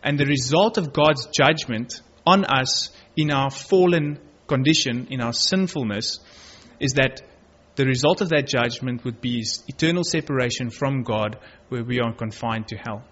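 Earnest male preacher, husky voice. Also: medium pitch, normal speed, a bit bright. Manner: earnest, builds emphasis on key words. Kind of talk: sermon with Bible reading. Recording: dull lo-fi recording.

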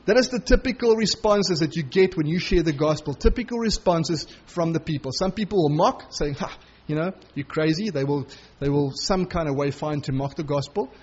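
A man preaching a sermon as pastor, emphatic, his voice climbing higher when he urges his listeners. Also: a little fast, darkish tone, breathy edge, lo-fi sound. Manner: emphatic, rising to a higher pitch when urging.

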